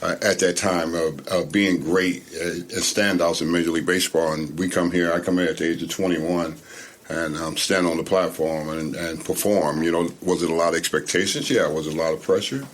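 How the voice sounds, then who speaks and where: A man in his sixties, a former ballplayer, telling stories in a relaxed, casual interview. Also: low voice, fairly quick. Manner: relaxed storytelling, casual grammar. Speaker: guest, former baseball player. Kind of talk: interview conversation.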